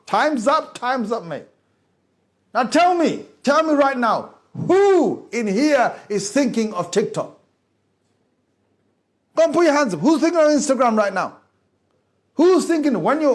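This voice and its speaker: Guy preaching, high voice, goes quiet and low then builds up loud, really dramatic sermon. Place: mosque hall before a gathering.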